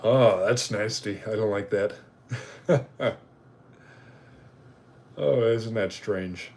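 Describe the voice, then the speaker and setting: A man's voice: fairly low pitch, very slow, darkish tone. A man hosting a live stream, rambling and chatty as he reacts to viewers. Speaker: livestream host. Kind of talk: casual live-stream chat.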